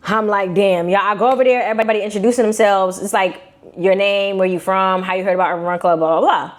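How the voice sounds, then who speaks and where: A young woman from Brooklyn with a New York accent, telling a personal story to her viewers in a casual, animated, slangy way. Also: medium pitch, quick pace. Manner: animated, slangy, acts out quotes in shifting voices. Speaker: vlogger.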